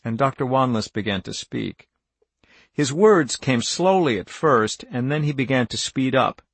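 Steady and measured, this audiobook narration comes from a man whose mid-range voice has a gravelly texture. He was recorded up close in a dry space, leaving no room sound.

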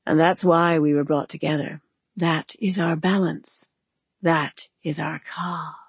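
A reader voicing a strange, mad woman who talks in a sweetly husky, slow and patient voice, recorded close and dry. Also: flat delivery, dry recording, muffled recording, full character voice. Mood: eerie patient. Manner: slow, patient, low and quiet.

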